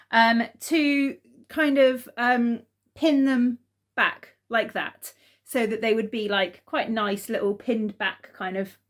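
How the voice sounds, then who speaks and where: A woman's voice: medium pitch, a bit bright. A woman chatting casually to camera in a home vlog, rambling along with lots of ums. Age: adult mother. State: out of breath. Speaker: vlogger.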